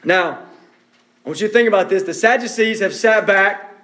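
A man's voice: high-pitched, normal speed, a bit bright. A man preaching a sermon, emphatic and direct, repeating key phrases for stress.

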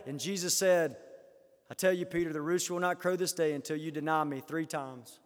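A man preaching a sermon, rising loud when quoting scripture and dropping low for his own comments. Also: normal speed. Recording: long hall reverb.

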